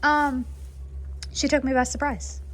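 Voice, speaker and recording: A woman chatting casually on camera in a horse barn at night, rambling and laughing, cooing softly to the mares and foals. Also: high-pitched, level tone, measured pace. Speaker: foaling attendant filming her barn. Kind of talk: casual vlog chat.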